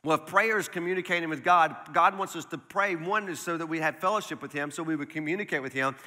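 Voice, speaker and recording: A male pastor preaching to his congregation, his slightly high, bright voice ringing out through a church hall that carries a long tail of reverb. He talks to the room like a friend and doubles back on his words as he builds emphasis. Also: fast. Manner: conversational, repeats words when emphatic. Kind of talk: sermon. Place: church sanctuary.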